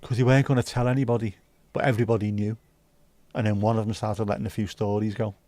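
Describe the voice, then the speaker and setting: Fairly low in pitch and level in tone, this man's mellow voice moves at a quick pace on a dry recording. Hosting a livestream, he reacts to viewer comments with relaxed, casual chat and plenty of swearing.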